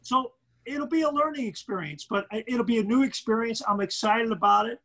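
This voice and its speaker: A middle-aged basketball commentator with a Brooklyn accent, chatting animatedly in an interview and tripping over repeated words. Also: male voice, very high-pitched, fairly quick, a bit bright, low-quality recording. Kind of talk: casual interview chat.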